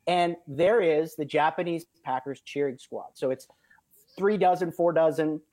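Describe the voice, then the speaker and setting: A man as an interview guest, telling a story in an upbeat way and acting out quoted shouts. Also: fairly high pitch, normal speed, no echo. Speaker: film producer guest.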